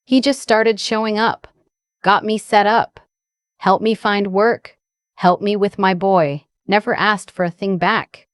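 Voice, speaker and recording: A woman voicing a soft-spoken young woman in an audio drama, who speaks gently and confidingly with emotion close to the surface. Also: mid-range voice, steady tone, unhurried, clear, resonant tone, no room sound, close to an everyday voice. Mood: tender.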